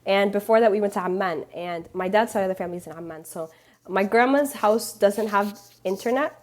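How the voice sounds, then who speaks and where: A woman's voice: medium pitch, a little fast. A young woman guest on a podcast, telling stories in a loose, chatty way, full of fillers and little laughs. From Palestinian, raised partly in Canada. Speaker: podcast guest, embroidery teacher. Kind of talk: casual storytelling interview.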